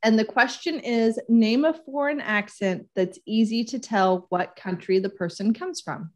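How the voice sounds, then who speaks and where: A woman's voice: on the high side, measured pace. A woman co-hosting a casual chat show, teasingly reading out quiz questions and scoring her partner's guesses. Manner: playful, teasing, reads out game questions. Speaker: co-host running a quiz game.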